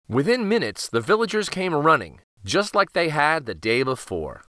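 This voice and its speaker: A man reading a fable aloud for children, expressive and animated. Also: fairly high pitch, moderate pace, few pauses, no room sound, clean studio sound. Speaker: children's storyteller. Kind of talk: read-aloud for kids.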